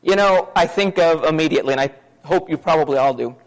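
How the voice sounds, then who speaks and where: A man preaching a sermon to his congregation, talking fast in a conversational way and asking many questions. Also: on the high side, rough recording.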